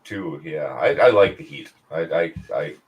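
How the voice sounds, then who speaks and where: A man's voice: extremely low pitch, expressive, unhurried. A man in casual chat, laid-back, reacting briefly and cracking dry jokes.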